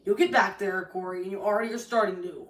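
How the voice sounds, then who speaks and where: A woman's voice: medium pitch, fairly even intonation, fast talker, distant mic. Angry woman ranting on a livestream. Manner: angry, hurt, swearing, venting at family. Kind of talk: emotional livestream rant. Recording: echoey room, voice from the mic.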